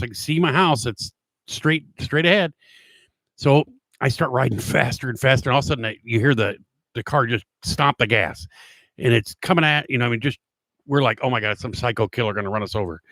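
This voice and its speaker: A middle-aged male host tells stories in a loose, rambling way, full of "um"s and false starts. His voice sits at an ordinary male pitch. The sound is dry and close, with no room around it. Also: a bit bright, no echo. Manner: rambling and anecdotal, with frequent fillers and restarts. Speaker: talk show host; former police officer. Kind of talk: casual storytelling monologue.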